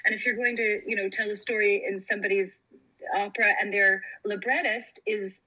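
Bright husky-voiced woman, animated. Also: medium pitch, brisk, low-quality recording. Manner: animated, laughing, many fillers and restarts. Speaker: opera singer guest. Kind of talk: casual interview chat.

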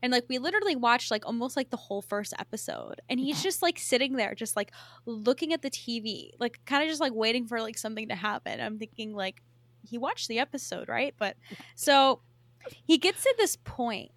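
Mulher animada, muitos "tipo". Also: female voice, on the high side, brisk, no echo. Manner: excited, swears often, many "like" fillers. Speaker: podcast co-host. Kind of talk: casual chat.

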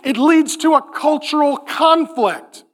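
Forties male pastor, high voice, lively joking preacher in a church sermon. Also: slow. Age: 40s. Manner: animated, joking, acts out voices in quotes.

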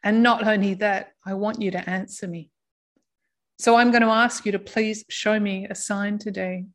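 A lonely elderly widower, soft-spoken and earnest, pleading gently, as a woman quotes him in her story. His words come in a hushed, heartfelt tone. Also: medium pitch, fairly even intonation, moderate pace, close to an everyday voice.

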